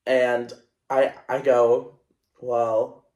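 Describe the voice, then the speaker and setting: A young man hosting a podcast, telling a story in a casual, animated and self-conscious way, with lots of fillers. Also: medium pitch, unhurried. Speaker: podcast host. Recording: echoey room.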